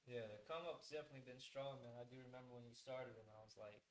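A man's voice: mid-range voice, fairly even intonation, fast talker. An easygoing man co-hosting a home podcast, his voice sitting in a middle register. His friendly talk rings out in a noticeably echoey room, with a light hiss behind it. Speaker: podcast co-host. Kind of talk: casual podcast chat. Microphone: handheld mic.

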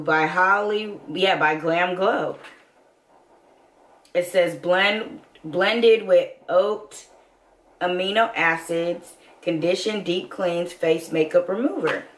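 An excitable woman, chatting casually to viewers while unboxing beauty products. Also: medium pitch. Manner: animated, excitable, addresses viewers as y'all. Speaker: beauty vlogger. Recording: echoey room.

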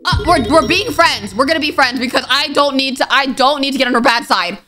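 A woman narrating her way through a horror game, chatty and animated as she reads the dialogue aloud. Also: high-pitched, fairly quick, noisy background. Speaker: gaming YouTuber. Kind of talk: let's play commentary. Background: game music.

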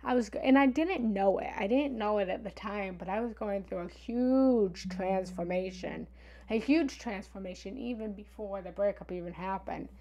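A meditation coach speaks on a live stream with a gravelly voice that often drops into vocal fry. She is a woman of middling pitch who tells her own story openly and vulnerably, looping back with "you know" and "right?". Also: moderate pace, mellow. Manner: candid, vulnerable storytelling with many fillers and "right?". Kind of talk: live-stream confessional talk.

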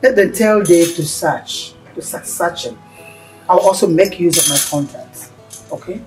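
A firm, bossy mother, played by a woman, runs the family's plans in a drama scene. Her voice sits at an ordinary pitch. It sounds echoey and a little distant from the mic. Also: music in the background, natural voice. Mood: soothing. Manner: firm, bossy, quick to scold. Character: strong-willed middle-aged mother planning her son's wedding.

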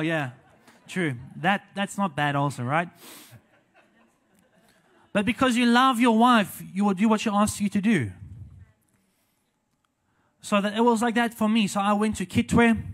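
A young South African evangelist with a fairly high voice preaches in a church. He is animated, paces around the stage as he talks, and punctuates his sentences with hallelujahs and amens. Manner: walks around while preaching. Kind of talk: sermon.

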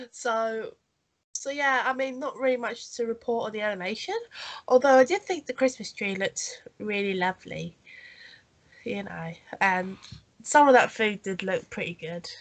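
A podcast co-host with a cold speaks nasally, a little slowly and with long pauses, her voice medium in pitch. Chatting casually about a holiday special, she rambles with fillers and coughs.

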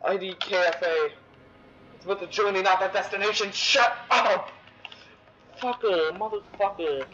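A young man giving excitable, profane let's-play commentary, yelling at the game. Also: high-pitched, normal speed, lo-fi sound, slight background noise. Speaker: gamer.

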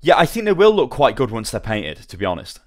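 A man's voice: medium pitch, huge pitch swings, quick pace. A young man chatting casually with his live-stream viewers as he assembles a model, rambling and greeting them by name.

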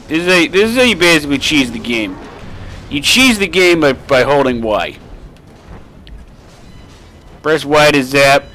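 A young man casually commenting on his gameplay as a let's play host, excitable and profane and often laughing, recorded on a desk microphone. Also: on the high side, brisk, slight background noise.

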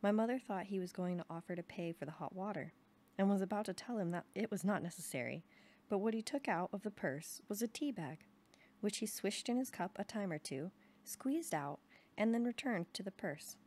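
A young adult woman calmly reading a novel aloud in an even storytelling manner. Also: medium pitch, brisk. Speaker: reader.

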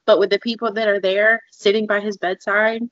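A woman co-hosts a casual podcast, talking earnestly and working through examples with plenty of "like"s. Her voice sits at a middle pitch. The recording sounds slightly dull. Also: flat delivery, a little fast, a bit bright, no echo. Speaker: podcast co-host.

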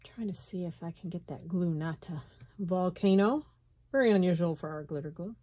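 A middle-aged woman with a slight Southern US lilt, chatting and thinking aloud as she works on a craft journal in her sunroom, with soft laughs. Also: on the low side, moderate pace. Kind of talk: casual craft tutorial chat. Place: home sunroom, indoors.

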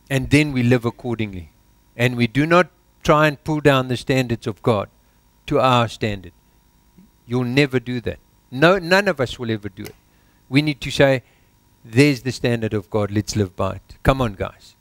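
A South African pastor preaching a sermon in church, exhorting with rhetorical questions and dropping his voice low for emphasis. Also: a little slow, dry recording.

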